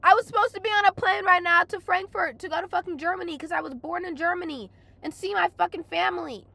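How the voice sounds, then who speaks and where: A young woman venting through a casual storytelling rant, exasperated and swearing a lot, her voice hoarse from crying. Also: very high-pitched, fast, bright, forceful tone, dry recording. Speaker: vlogger.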